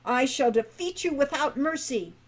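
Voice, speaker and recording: A woman's voice: sits high, lively intonation, moderate pace. A woman reading the lines of a cocky, stubborn teenage boy eager for adventure, in a live reading of a storybook. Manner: boastful, stubborn, playful.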